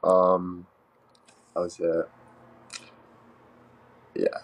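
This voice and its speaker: A man casually telling a joking story on a live stream, animated and swearing freely. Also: low-pitched, extremely slow.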